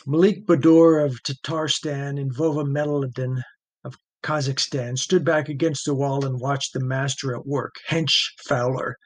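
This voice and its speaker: Male audiobook narrator, steady measured reading, mid-pitched voice. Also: no echo.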